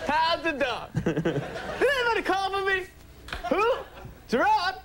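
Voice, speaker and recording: A young man putting on a brash, street-smart comedian's voice for a rapid, loud, jokey rant. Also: very high voice, huge pitch swings, noisy background, pitched above the performer's own voice, heavily acted. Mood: rowdy.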